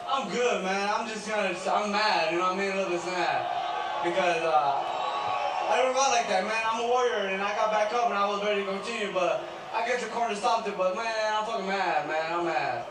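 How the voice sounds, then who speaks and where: A man's voice: high-pitched, brisk, very echoey, distant mic, background noise. A man speaking as a boxer in a post-fight interview, blunt and frustrated, swearing often.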